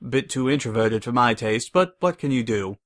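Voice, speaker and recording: A man's voice: mid-range voice, animated, moderate pace, close to an everyday voice. A man playing a smug scheming stallion. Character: cool scheming male pony agent, smug and calm.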